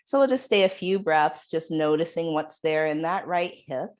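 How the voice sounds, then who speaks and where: A woman leading a yoga class, giving calm, unhurried cues for each movement. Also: low voice. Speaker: yoga instructor. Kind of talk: guided exercise instruction.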